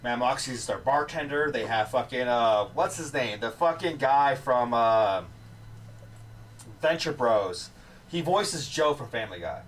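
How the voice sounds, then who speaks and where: A man's voice: mid-range voice, unhurried. A man co-hosting a podcast, telling profane stories in casual chat. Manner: profane, animated storyteller. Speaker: podcast co-host. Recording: distant mic with faint noise.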